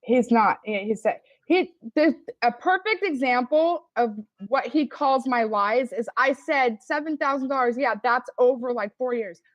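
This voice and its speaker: A woman's voice: high-pitched, measured pace, few pauses, no room sound, lo-fi sound. Swearing, defensive woman ranting. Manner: defensive, profane, exasperated ranting. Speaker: livestream participant. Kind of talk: heated casual argument.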